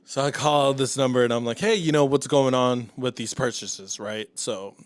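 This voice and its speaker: A man on a podcast telling a story in casual chat, animated and swearing, acting out his phone calls. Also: medium pitch, moderate pace, dry recording. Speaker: podcast co-host.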